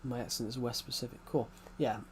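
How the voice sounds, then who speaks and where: A gaming YouTuber from the United Kingdom, a man with an English accent, rambles through casual chat while playing a game, often restarting his sentences. His mid-range voice holds a steady tone at a fairly quick pace, with slight background noise.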